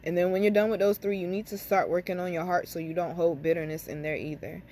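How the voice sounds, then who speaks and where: A woman's voice: lowish voice, fairly even intonation, quick pace, mellow, a little hiss or hum. A young woman hosting her own channel, telling a personal story to camera in a blunt, candid way, swearing freely and talking straight to her listeners. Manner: blunt, profane, speaks directly to listeners as y'all. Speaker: spiritual reader and channel host.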